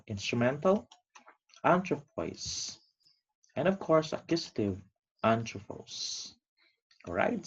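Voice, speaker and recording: Lively, husky male teacher, lo-fi sound. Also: medium pitch. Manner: lively, drawn-out emphasis on key words. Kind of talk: recorded online lesson. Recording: dull lo-fi recording.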